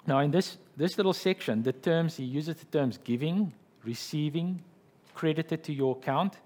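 A man's voice: on the high side, moderate pace, a little mellow. A man preaching a sermon as pastor, explaining scripture and retelling a story in an explanatory way, often checking in with "okay" and "right".

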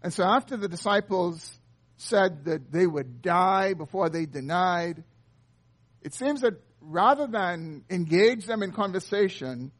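High-voiced man preaching a sermon. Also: lively intonation, unhurried, husky. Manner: earnest expository preaching. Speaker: pastor.

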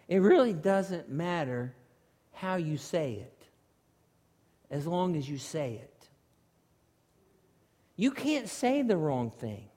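Man, preacher, animated sermon storytelling, high voice, long hall echo. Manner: animated storytelling, rising to near shouts. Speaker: pastor.

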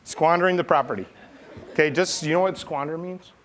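A man's voice: fairly high pitch, a little fast, a crowd in the background. Playful man leading a children's sermon. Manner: playful, chatty, coaxing kids. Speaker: pastor leading a children's message. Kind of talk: children's sermon with acted Bible story.

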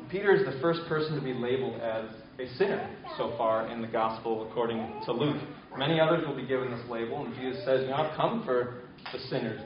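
A man preaching a sermon in a church, speaking conversationally and asking the congregation questions. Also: mid-range voice. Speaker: pastor. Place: church sanctuary. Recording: echoey hall from far off, dull sound.

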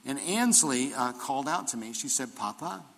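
An older pastor preaches to his congregation, moving from easy storytelling to emphatic preaching. His voice has a bright, forceful edge. It rings out in a large hall with a long reverb tail. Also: mid-range voice, lively intonation, moderate pace. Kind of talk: sermon.

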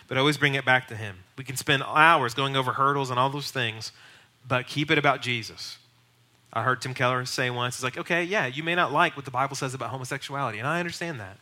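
A man's voice: mid-range voice, fast talker, sharp tone. A male pastor teaching on evangelism, earnest and emphatic, often building to raised, urgent bursts.

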